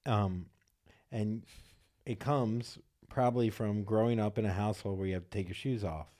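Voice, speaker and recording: A man's voice: on the low side, fairly even intonation, moderate pace, dark tone. A man co-hosting a comedy podcast, chatting casually and joking crudely with plenty of swearing. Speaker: podcast co-host.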